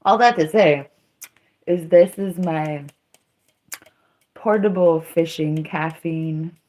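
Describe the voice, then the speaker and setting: A woman's voice: deep voice, slow, darkish tone. A woman livestreaming, telling rambling stories between laughs and answering her chat.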